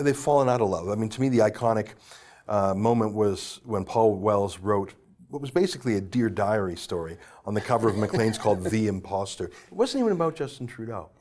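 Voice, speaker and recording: A man talking politics with blunt scorn, pressing each point hard. His voice sits at an ordinary middle pitch, and he stumbles into restarts as he builds up steam. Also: darkish tone. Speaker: political commentator. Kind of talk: opinionated political talk.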